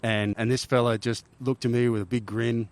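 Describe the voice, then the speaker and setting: A man's voice: medium pitch, level tone, normal speed. A middle-aged Australian man, a podcast guest and army helicopter veteran, telling stories in a rambling way, restarting phrases and tagging on "right?". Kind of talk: casual interview storytelling.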